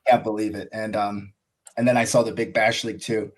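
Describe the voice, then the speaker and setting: A man's voice: lowish voice, level tone, fairly quick. An American man talking as a podcast guest, telling his story in a casual, enthusiastic, rambling way, full of "like" and "you know". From USA.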